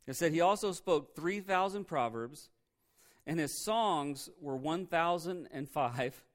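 A man's voice: fairly high pitch, animated, unhurried. A male pastor preaching a sermon in a conversational way, asking the congregation questions and laughing at himself now and then.

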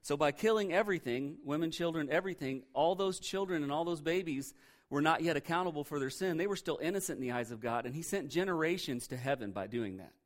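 A man preaching from the pulpit in a relaxed, conversational tone. His voice sits a little high for a man, and he reads scripture aloud, breaking off into animated asides to the congregation. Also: fast talker. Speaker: pastor. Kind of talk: sermon.

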